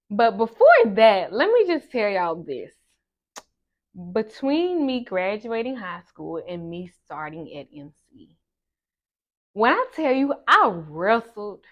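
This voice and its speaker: A young woman telling a personal story, swinging between loud exclamations and soft asides. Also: lowish voice, lo-fi sound. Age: young adult. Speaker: vlogger. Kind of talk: storytime vlog.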